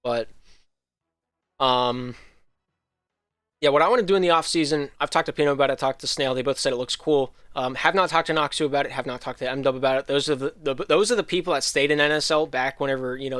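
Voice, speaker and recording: Livestream host, male, slight Southern American drift, bright, dry close sound. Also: mid-range voice, steady tone, quick pace, clear, resonant tone, no room sound. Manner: rambling, frequent ums and restarts. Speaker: league host. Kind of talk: casual livestream talk.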